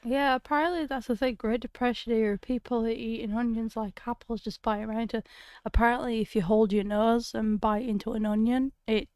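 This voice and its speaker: A woman's voice: fairly high pitch, steady tone, a little fast, darkish tone, clear, resonant tone, no room sound, clean studio sound. A woman co-hosting a live stream, chatting casually and playfully. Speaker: co-host.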